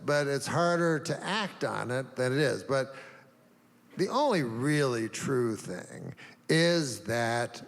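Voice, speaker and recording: A middle-aged man doing a stand-up routine in a deadpan, rambling way, halting and restarting, with an audience laughing. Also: medium pitch, vocal fry. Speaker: stand-up comedian. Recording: live hall with crowd noise.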